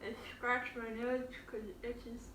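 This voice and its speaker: A woman's voice: fairly high pitch, flat delivery, measured pace, a bit bright, recorded from a distance, slight background noise. A woman hosting a casual cooking demonstration in her home kitchen, chatting playfully and laughing often as she works. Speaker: cooking show host. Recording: roomy kitchen sound, from off the mic.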